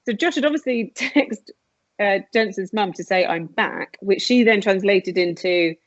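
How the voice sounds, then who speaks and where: A woman's voice: medium pitch, moderate pace, dry recording. A woman, a podcast guest, earnestly telling a personal story and acting out the dialogue in a raised voice. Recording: dull lo-fi, dry sound.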